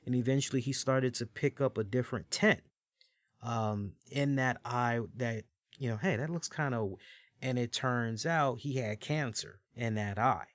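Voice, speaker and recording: A man in his forties hosting a podcast, telling stories in casual, animated commentary, with swearing and frequent fillers. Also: mid-range voice, a little slow, no room sound, studio quality. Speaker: podcast host. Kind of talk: casual wrestling review commentary.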